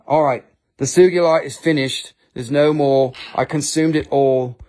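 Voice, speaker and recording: A man's voice: fairly even intonation, measured pace, a little mellow. Male live-stream seller, casual and profane, rambling and jokey. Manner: rambling, profane, joking, with high-pitched mock quotes. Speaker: host of a live crystal sales stream.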